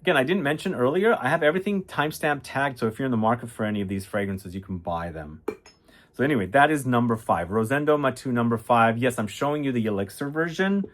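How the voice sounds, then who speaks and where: A man's voice: mid-range voice, expressive, fast talker. A man casually reviewing fragrances, chatty and enthusiastic, rambling with fillers and restarts.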